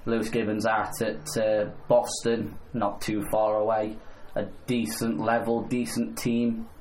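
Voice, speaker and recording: A man's voice: fairly low pitch, completely flat delivery, a little slow, darkish tone, low-quality recording. A man co-hosting a casual football chat, rambling and restarting his sentences. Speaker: podcast co-host. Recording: faint background noise.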